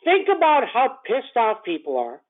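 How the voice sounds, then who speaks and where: A man's voice: extremely high pitch, wildly swooping pitch, normal speed. A man giving a morning stock-market call, blunt and repetitive, full of rhetorical questions. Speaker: stock trading commentator. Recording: tinny phone-line sound.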